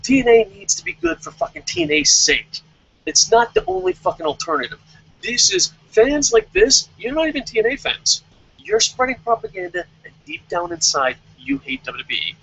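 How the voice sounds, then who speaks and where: A man's voice: extremely high pitch, huge pitch swings, normal speed, creaky, fairly bright tone, slightly rough, no echo, low-quality recording. A young man reviewing a wrestling show in a heated, profane rant. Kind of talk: angry rant in casual chat.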